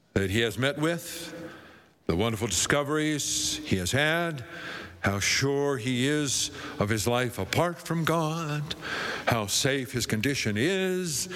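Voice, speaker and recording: A man preaching a sermon as pastor, slow and emphatic, his pitch rising and falling widely for stress. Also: fairly bright tone. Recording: long reverb of a large hall.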